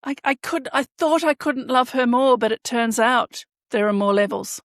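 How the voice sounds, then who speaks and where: A woman's voice: on the high side, moderate pace, fairly bright tone, dry recording, studio quality. A woman co-hosting a podcast, chatting casually and gushing about a show with an enthusiastic fan's manner. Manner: enthusiastic, gushing fan reactions. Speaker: podcast co-host.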